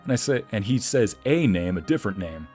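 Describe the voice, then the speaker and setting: A man with a low voice tells a story casually while streaming a game. His pitch swings widely as he acts out the quoted lines. Soft background music plays under him. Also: brisk. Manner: animated, acts out quotes in a raised voice. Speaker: streamer and narrator. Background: faint background music.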